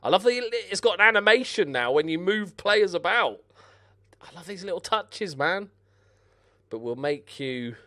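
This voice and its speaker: An excitable young man talks his way through a football management game, swearing and shouting at his players. His voice swings widely in pitch, leaping up with every near miss. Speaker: gaming commentator. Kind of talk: casual let's-play commentary.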